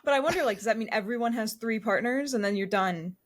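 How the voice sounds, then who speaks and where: A woman's voice: fairly high pitch, fast talker. A woman co-hosting a casual podcast, hesitant and self-deprecating, often repeating words while she gathers her thoughts. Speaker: podcast co-host.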